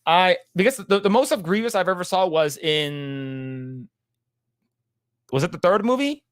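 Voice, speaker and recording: A man's voice: sits high, lively intonation, measured pace, clear, resonant tone, no room sound, clean studio sound. A man co-hosting a casual livestream podcast, reading chat comments aloud in a laid-back way and laughing often.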